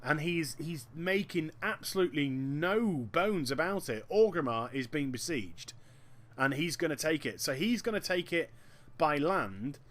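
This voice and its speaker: A man giving chatty, joking commentary over a video game. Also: on the high side. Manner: animated and chatty, with quick jokes. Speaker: gameplay commentator. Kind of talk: gameplay commentary.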